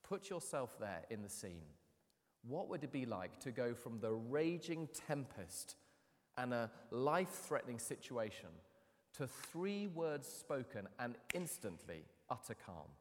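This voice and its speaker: Man in his thirties, mid-pitched preacher, animated storytelling, long hall reverb. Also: measured pace. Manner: animated, dramatic storytelling with wide swings in loudness. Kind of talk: sermon.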